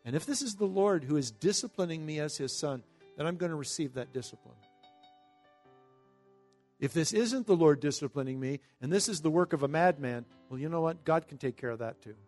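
A man preaching a Bible-teaching sermon in a conversational way, reading scripture slowly and breaking into emphatic asides. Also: fairly high pitch, lively intonation, darkish tone, soft background music. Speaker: pastor.

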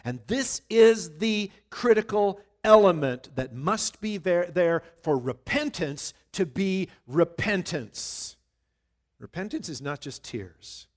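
Man, pastor, sermon, slightly high voice, emphatic scripture reading, conversational asides. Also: expressive. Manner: reads scripture slowly and loudly, then talks it through conversationally.

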